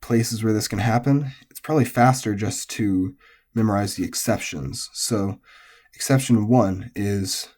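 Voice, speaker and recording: Low-voiced man teaching pitch accent. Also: measured pace, a little mellow. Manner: patient, methodical, frequent fillers. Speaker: language teacher. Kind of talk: explanatory lesson.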